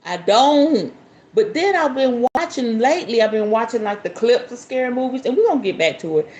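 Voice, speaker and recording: A woman's voice: on the high side, brisk, muffled recording. A woman hosting a spiritual podcast who chats casually with her listeners, laughs often and reads aloud from a book. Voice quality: expressive, laughs often, talks straight to viewers.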